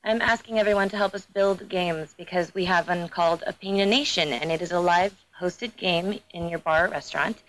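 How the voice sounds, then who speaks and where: A woman guest chatting casually on a podcast, upbeat and quick to laugh. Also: on the low side, a bit bright, a little hiss or hum, low-quality recording. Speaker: guest game producer.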